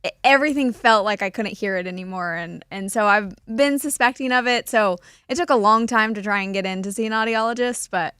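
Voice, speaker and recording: A woman's voice: mid-range voice, brisk, bright, forceful tone, smooth, no room sound, clean studio sound. A woman co-hosting a radio morning show, chatty and giggly with many fillers. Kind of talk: casual morning show banter.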